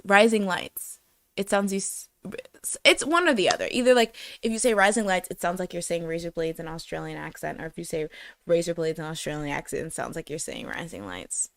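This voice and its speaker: A woman's voice: lowish voice, fairly bright tone, dry recording. A woman co-hosting a casual show, reading live comments aloud in a giggly, self-deprecating, rambling way. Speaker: podcast co-host.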